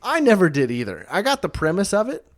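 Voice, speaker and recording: A man's voice: sits high, wildly swooping pitch, fast. A young man co-hosting a casual podcast, rambling through stories, swearing freely and laughing often. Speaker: podcast co-host. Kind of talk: casual chat.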